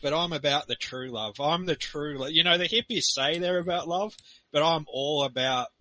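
A man's voice: a little high, normal speed, bright, forceful tone, no echo, rough recording. An Australian man talking loosely in a casual group discussion, rambling and laughing between points. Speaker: forum participant.

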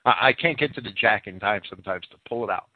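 A man's voice: fairly low pitch, fast talker, slightly rough, no echo. A man speaking over a headset as a co-host. He is sneezing and coughing, and agrees eagerly with repeated restarts. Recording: dry tinny phone-like line.

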